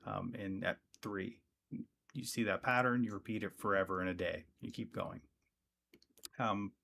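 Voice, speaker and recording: A man's voice: lowish voice, slight background noise. Rambling male guitar teacher. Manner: relaxed, rambling, many ums. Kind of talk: casual live-stream lesson.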